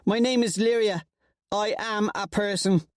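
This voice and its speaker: A man's voice: sits high, steady tone, unhurried, no echo, studio quality, pitched above the performer's own voice. A man voicing a sneaky, giddy young woman scout, speaking in a breathless, raised voice. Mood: defiant.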